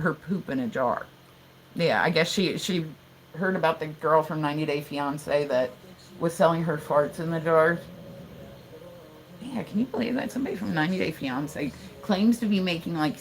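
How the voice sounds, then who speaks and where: A woman with a slightly low voice chatting loosely on a live stream. She rambles through restarts and fillers, laughs often, and swears casually. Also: slight background noise, low-quality recording.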